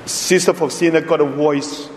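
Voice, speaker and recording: A man preaching a homily at Mass in a slow, emphatic way, with frequent pauses and simple, non-native phrasing. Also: on the high side, steady tone, a little hiss or hum. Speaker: priest. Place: large church. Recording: echoey church with long reverb.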